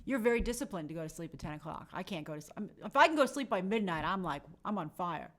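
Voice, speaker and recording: A young woman talks fast and animatedly in a voice on the low side while hosting a live stream. Friendly and chatty, she reads out her viewers' comments along with their names.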